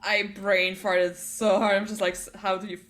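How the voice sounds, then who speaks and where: A woman's voice: medium pitch, little pitch movement, normal speed, fairly bright tone. A woman playing a tabletop game, chatting casually and laughing often. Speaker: player.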